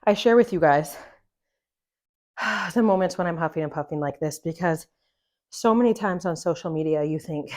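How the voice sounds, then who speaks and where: A woman's voice: fairly low pitch, normal speed, pauses often, a little mellow. A woman coaching a home workout. She is out of breath, encouraging and talks through each exercise between breaths. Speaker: fitness coach. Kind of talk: follow-along workout instruction.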